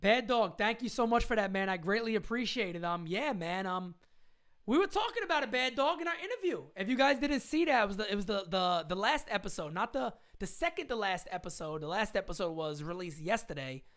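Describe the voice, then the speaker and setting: Animated woman hosting a fan livestream. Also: mid-range voice, brisk. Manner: animated, repeats points for emphasis, reads viewer questions; slangy fan talk, occasional swearing. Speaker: live stream host. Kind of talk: casual live stream chat.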